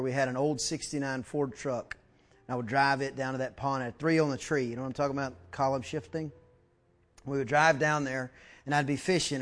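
A man preaching a sermon, telling stories and acting out quotes with lots of repeated words. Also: medium pitch. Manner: animated, acts out quotes, repeats words when excited. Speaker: pastor. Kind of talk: sermon with storytelling.

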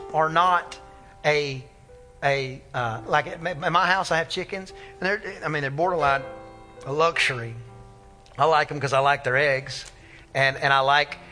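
A man's voice: fairly high pitch, sharp tone. A man, a pastor preaching an impassioned, conversational sermon. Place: church sanctuary.

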